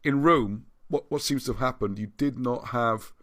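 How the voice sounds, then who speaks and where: A man's voice: mid-range voice, moderate pace, fairly bright tone, no room sound. A man hosting a livestream and reading out viewer comments, rambling and often restarting his sentences. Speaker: livestream host.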